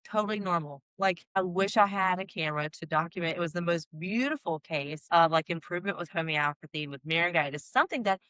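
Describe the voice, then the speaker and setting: A woman in her forties, a doctor hosting the session, telling stories in a lively, exclamatory way and acting out quoted dialogue. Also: fairly low pitch, fairly quick, few pauses, no echo, rough recording. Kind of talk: casual conversational storytelling.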